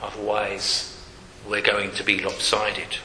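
A man's voice: on the low side, completely flat delivery, slow pace, pushed and bright, a little hiss or hum. A man preaching a sermon in a church hall, earnest and repeating key phrases for emphasis. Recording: echoey hall with long reverb.

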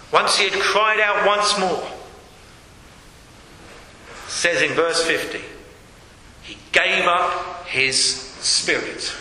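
Slow, bright-voiced preacher in an echoey hall. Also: male voice, high-pitched. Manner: emphatic, repeats key phrases. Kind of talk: sermon. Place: church hall. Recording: echoey hall with long reverb, faint noise.

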